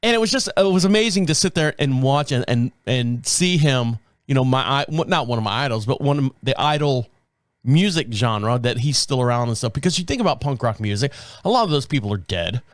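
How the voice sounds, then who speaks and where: A man's voice: mid-range voice, lively intonation, a little fast, no room sound, studio quality. A middle-aged man hosting a show, telling rambling stories in casual chat, laughing often and acting out quotes. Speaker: show host.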